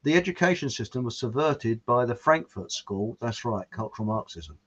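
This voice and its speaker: A man's voice: medium pitch, expressive, normal speed, slightly rough. A man hosting a casual chat, reading out viewer comments in a rambling way and chuckling at his own jokes. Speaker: show host. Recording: muffled lo-fi audio.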